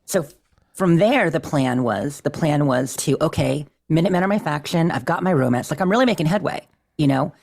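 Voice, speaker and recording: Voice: mid-range voice, expressive, a little fast, creaky, a little mellow. A chatty podcast co-host recapping a game session with a medium voice. The delivery is self-deprecating and easygoing, and laughs come often. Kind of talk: casual chat recapping a game playthrough.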